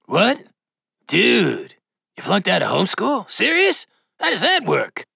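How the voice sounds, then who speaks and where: A man voicing an excitable, slangy young male slacker. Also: a little high, normal speed, creaky, dry recording, studio quality, voice pushed up, exaggerated voice.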